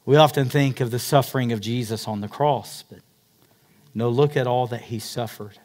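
A man preaching a sermon, retelling a story dramatically, swinging between loud emphatic peaks and hushed, quiet passages. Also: mid-range voice, moderate pace. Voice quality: dramatic storyteller, rising to near-shouts then dropping to hushed tones. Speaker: pastor.

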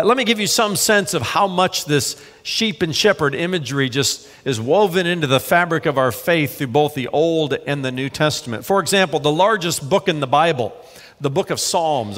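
A man preaching a sermon as pastor, measured and slowing down when he reads scripture. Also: a little high, fairly bright tone. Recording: long reverb of a large hall.

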